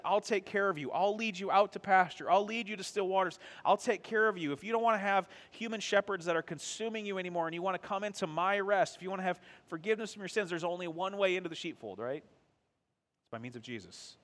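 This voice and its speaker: A male pastor with a high, slightly bright voice preaches a sermon conversationally, posing questions to the congregation and answering them himself.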